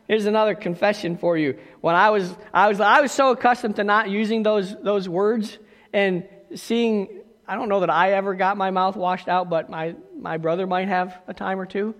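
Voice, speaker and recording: A man's voice: sits high, fairly even intonation, moderate pace, a bit bright, big-room sound. A man preaching a sermon as pastor, talking conversationally with asides and questions to the congregation.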